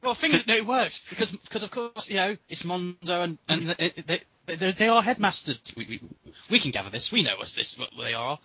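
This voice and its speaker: A man's voice: high voice, lively intonation, a little fast, hardly any pauses, sharp tone, breathy edge, dry recording, highs cut off. A man chatting casually as podcast co-host, rambling and repeating words. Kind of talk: casual chat.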